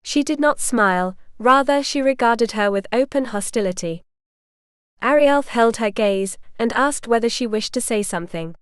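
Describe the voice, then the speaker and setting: A woman narrating a historical romance audiobook in a measured, even storytelling manner. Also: a little high, clean tone, no echo, clean studio sound.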